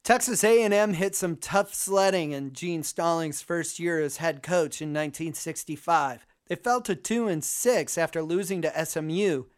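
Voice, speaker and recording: A man's voice: on the high side, normal speed, hardly any pauses, clean tone. A man hosting and narrating a sports podcast, in a polished, scripted announcer delivery.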